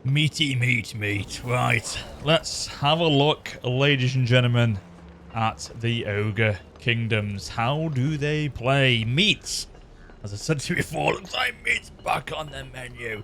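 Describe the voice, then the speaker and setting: Chatty gaming commentator. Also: male voice, medium pitch, animated, slow, a bit bright, a little hiss or hum. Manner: chatty, rambling, self-correcting. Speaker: gaming channel host. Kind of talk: casual let's-play commentary.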